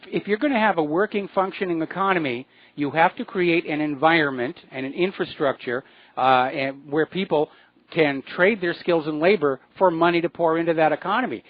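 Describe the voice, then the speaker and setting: Radio host guy taking calls, slightly high voice, dry dull studio sound, lots of uhs. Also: no echo. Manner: measured, explanatory, with frequent uh fillers. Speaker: radio talk show host. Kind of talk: call-in radio talk. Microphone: studio microphone.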